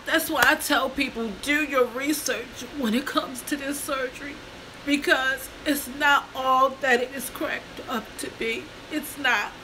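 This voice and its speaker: This woman in her 50s is a mukbang vlogger telling her story to viewers, whom she calls y'all, and she breaks down in tears. Her voice sits high, pushed and bright, on a rough recording with a little hiss or hum.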